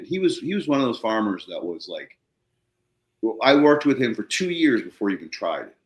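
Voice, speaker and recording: A man hosting a podcast, telling a story in casual conversation, excitable and swearing casually, acting out quotes in a raised voice. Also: lowish voice, brisk, echoey room. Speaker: podcast host.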